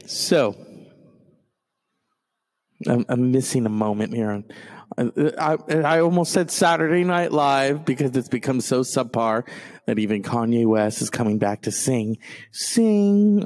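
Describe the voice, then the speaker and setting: Gravelly-voiced man telling a profane story. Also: mid-range voice, a little slow. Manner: profane, jumps between loud outbursts and mutters. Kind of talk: stand-up storytelling.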